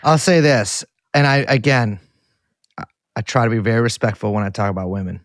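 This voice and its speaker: A man's voice: lowish voice, brisk, no echo, clean studio sound. A man co-hosting a podcast, telling a rambling, self-deprecating story in casual chat with lots of restarts. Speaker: podcast co-host reporting back.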